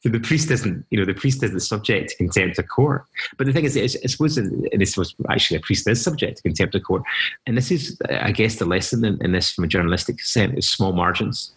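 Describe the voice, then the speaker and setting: A man's voice: lowish voice, animated, a little fast, low-quality recording. A middle-aged Scottish man, a journalist, telling stories in a rambling, casual way with many restarts. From Scotland. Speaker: journalist guest. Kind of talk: casual storytelling in conversation.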